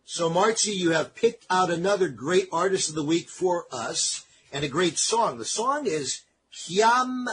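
A man's voice: high-pitched, lively intonation, a little slow, a bit bright, a little hiss or hum, low-quality recording. A man co-hosting a casual chat show, jovially explaining phrases to listeners. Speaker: co-host. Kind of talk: casual radio-style chat.

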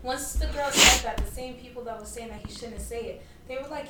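Woman, podcast co-host, measured casual chat, high voice, far from the mic, echoey room, loud noise. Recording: distant, echoey, noisy.

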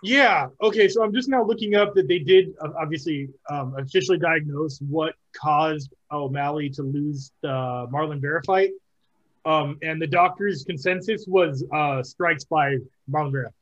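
A man's voice: a little high, moderate pace, muffled recording. A man talking casually about fight picks, rambling with many ums, restarts and laughs. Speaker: podcast co-host, called Director. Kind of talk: casual MMA picks chat.

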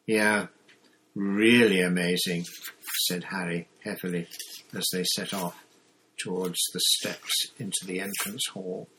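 A man reading a novel aloud in a steady narrating manner, with occasional slips and restarts. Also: low voice, unhurried, noisy background. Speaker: audiobook reader. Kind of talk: storybook narration.

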